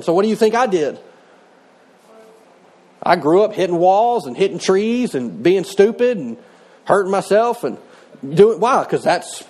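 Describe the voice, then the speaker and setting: A man's voice: sits high, darkish tone. A middle-aged male pastor preaching a sermon in a conversational way, mixing scripture with personal stories.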